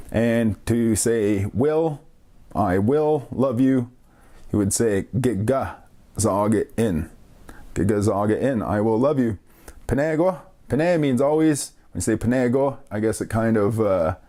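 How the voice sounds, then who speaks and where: A man hosting a casual radio language lesson, explaining slowly and repeating each phrase carefully, with light self-deprecating laughs. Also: medium pitch, warm tone.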